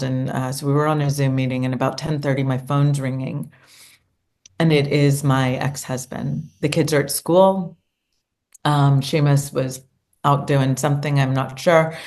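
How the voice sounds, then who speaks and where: A woman's voice: sits low, a little mellow. A middle-aged woman recounting a personal experience in an earnest, emotional way as an interview guest. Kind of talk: conversational interview storytelling.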